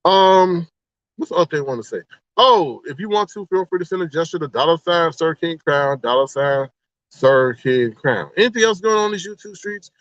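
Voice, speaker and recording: Animated man telling gossip on a livestream. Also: on the high side, fairly quick, no room sound, highs cut off. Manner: animated storyteller who acts out quoted exchanges. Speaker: livestream host. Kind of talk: casual gossip commentary to a live chat.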